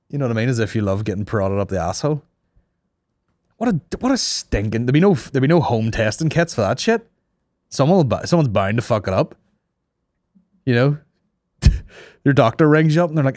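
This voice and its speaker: A man's voice: mid-range voice, expressive, brisk, a little mellow, no room sound, clean studio sound. A man hosting a comedy podcast, swearing a lot and laughing at his own crude jokes. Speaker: podcast host.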